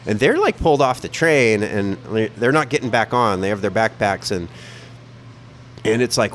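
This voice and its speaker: A man telling a travel story in a casual podcast chat, animated and profane, with lots of "like" fillers. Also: lowish voice, moderate pace, slight background noise.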